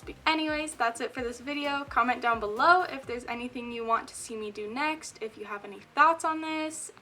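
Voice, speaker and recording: A young woman chatting to her camera in a bright, sharp-toned voice that sits a little high. She talks in a self-mocking way, full of fillers. Soft music plays faintly behind her. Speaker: vlogger. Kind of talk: casual chat to camera.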